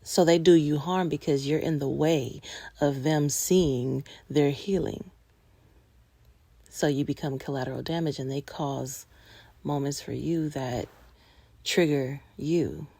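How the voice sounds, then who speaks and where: Woman host, low gravelly voice, earnest and passionate, shifts between firm and hushed. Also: no room sound. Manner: earnest, passionate, slows to a hush at times. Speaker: host of a personal growth talk. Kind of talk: reflective monologue on healing.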